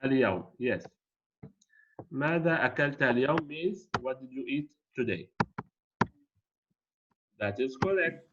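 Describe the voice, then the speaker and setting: A man teaching a class, patiently explaining in slow, deliberate steps. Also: mid-range voice, lively intonation, background noise. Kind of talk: classroom language lesson. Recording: dull lo-fi audio.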